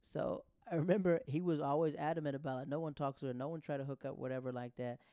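Thirties guy rambling thru a stand-up story, kinda high voice, dry close sound. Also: quick pace, smooth, dry recording. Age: 30s. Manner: rambling, self-interrupting, animated. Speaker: stand-up comedian.

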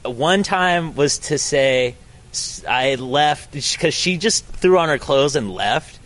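A man's voice: fairly high pitch, lively intonation, takes it slowly, a bit bright. A young adult man casually telling a story outdoors on a college campus, slangy and profane, saying "dude" and "bro" a lot. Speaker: podcast host.

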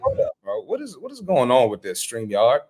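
A man's voice: medium pitch, wildly swooping pitch, fairly quick, darkish tone, faint music behind. Blunt, profane male trainer. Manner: blunt, profane, slangy trash talk. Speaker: personal trainer and live stream host. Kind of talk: live reaction stream commentary.

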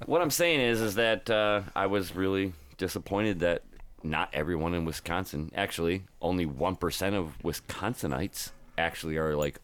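A man's voice: low-pitched, normal speed, fairly bright tone. A man from Ohio, a truck driver, chatting casually on a podcast, rambling with lots of filler words and restarts.

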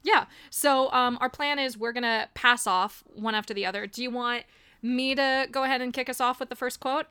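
A woman's voice: a little high, fairly even intonation, normal speed, bright, forceful tone, smooth, no room sound. A young woman hosting a podcast, chatting casually and laughing often as she swaps favorite movie quotes. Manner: giggly, chatty, swears casually. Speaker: podcast host. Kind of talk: casual chat.

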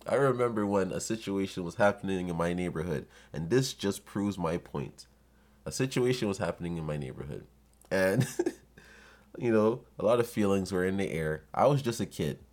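A young adult man hosting a podcast, telling comic stories in a profane, animated way and acting out the people he quotes. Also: low-pitched, normal speed. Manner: profane, animated, acts out quoted voices with laughs. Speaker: podcast host. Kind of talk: comedic storytelling monologue.

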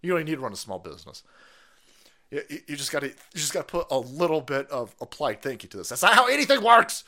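A man's voice: fairly high pitch, very animated, fast talker, sharp tone. A man hosting a live stream, ranting heatedly and mockingly with lots of swearing. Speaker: stream host. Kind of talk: profane ranting commentary.

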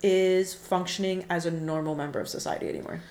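A woman's voice: fairly low pitch, fairly quick, reverberant. A woman co-hosting a casual chat show, telling a dating story and acting out the texts she got. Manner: animated, acts out quoted texts. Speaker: podcast co-host.

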